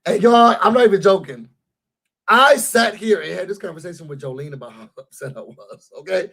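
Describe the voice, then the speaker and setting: A man recapping and ranting about a reality show episode for his channel, animated and addressing viewers directly. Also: high-pitched, brisk. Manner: animated, talks straight to viewers. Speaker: YouTube show reviewer. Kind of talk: casual recap rant.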